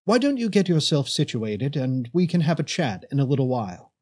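A man reading the part of a calm, composed woman who reassures and questions steadily. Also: on the high side, brisk, breathy edge. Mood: calm, reassuring.

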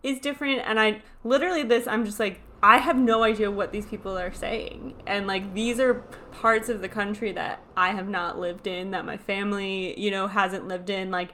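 A woman hosts a podcast in relaxed, casual chat. She talks animatedly and keeps circling back with "like" as she thinks aloud. Her voice sits at an ordinary middle pitch. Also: normal speed, hardly any pauses. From New York. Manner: chatty, animated, full of "like" asides. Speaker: podcast host.

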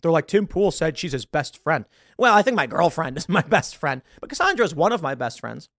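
Animated, combative man. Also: fairly high pitch, fairly quick, dry recording, studio quality. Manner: animated and combative, with emphatic outbursts and stammered restarts. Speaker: podcast host. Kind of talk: opinionated monologue.

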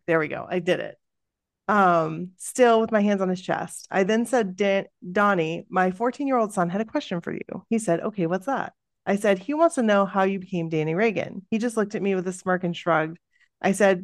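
Woman host reading out a fan's story, lively and expressive, mid pitch, dry close sound. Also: normal speed, dry recording. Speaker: podcast host. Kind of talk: reading a listener's story aloud.

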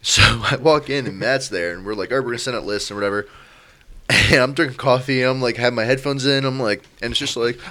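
A young man telling a work story in casual chat, animated, laughing often and acting out his coworkers. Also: medium pitch, fast.

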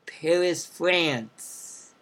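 A young man co-hosting a casual podcast, upbeat as he reads out listener cities and gives shout-outs. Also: on the high side, drawn-out words. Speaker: podcast co-host. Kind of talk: casual chat.

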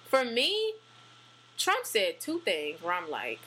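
A woman chatting casually, animated and full of fillers and restarts. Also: mid-range voice, takes it slowly, breathy edge, poor audio. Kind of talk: casual chat.

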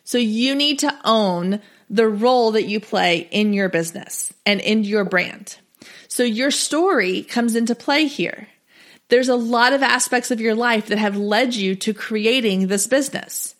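A woman's voice: on the high side, unhurried. A woman in her thirties hosting a solo podcast, coaching small business owners in a chatty, direct and encouraging way.

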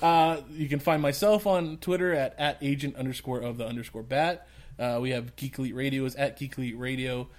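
A man's voice: medium pitch, fairly even intonation, brisk. Male podcast host, easygoing and chatty, trips over his own phrases; regular of the show. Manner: laid-back, restarts phrases often. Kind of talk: casual chat.

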